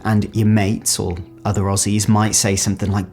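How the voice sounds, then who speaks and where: A man's voice: fairly low pitch, normal speed, few pauses, faint music behind. Chatty British man vlogging. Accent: British English. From Britain. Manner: chatty, animated, acts out little quoted exchanges. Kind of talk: casual explainer vlog. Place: outdoors, then moving inside.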